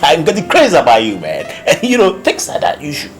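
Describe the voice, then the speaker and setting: Film role: a low, animated Ghanaian accomplice teaching a fake accent. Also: female voice, a little fast, soft background music. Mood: instructive. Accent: Ghanaian English. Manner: bossy, laughing coach who demonstrates slang.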